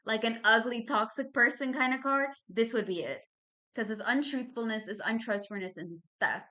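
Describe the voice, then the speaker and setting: A woman's voice: fairly high pitch, bright, forceful tone. A woman in her thirties with a Southern Texas accent, giving a chatty, slangy tarot reading to her viewers. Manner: chatty and slangy, addresses viewers as babies and y'all. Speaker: tarot card reader. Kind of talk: casual monthly card reading.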